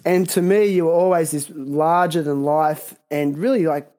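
Relaxed Australian man hosting a chat. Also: a little high, moderate pace. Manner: relaxed storytelling, hesitant fillers. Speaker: host. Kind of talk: casual interview chat.

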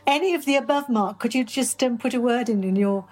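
Chatty older woman, mellow voice. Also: fairly high pitch, brisk, soft background music. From Birmingham, England. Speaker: actress guest. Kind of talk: interview answers.

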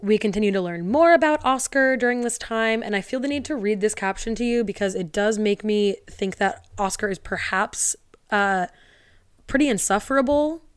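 A woman hosting a podcast in a chatty, wry way, tossing sarcastic asides between the passages she reads aloud. Her voice is smooth and clean, and the recording is close and dry, with no room around it. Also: medium pitch, normal speed, dry recording. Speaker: podcast host. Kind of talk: casual storytelling podcast, reading captions aloud.

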